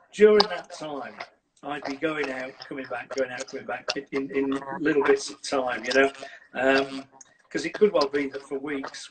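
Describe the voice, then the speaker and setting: A man, a dog trainer, giving lively, casual advice on a video call. He acts out scenes and keeps checking in with "right?". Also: mid-range voice. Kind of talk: casual advice on a live stream. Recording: distant mic with loud noise.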